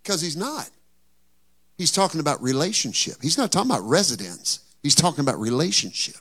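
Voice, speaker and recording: High, gravelly-voiced male pastor preaching. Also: very animated, a little fast. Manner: conversational preaching that swells to loud emphatic peaks; asks the congregation rhetorical questions. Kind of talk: sermon.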